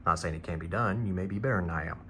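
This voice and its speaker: A man's voice: low-pitched, rapid-fire, fairly bright tone, a little hiss or hum. A man talking viewers through a motorcycle parts install in a loose, rambling, self-deprecating way, as a casual how-to vlogger in a garage.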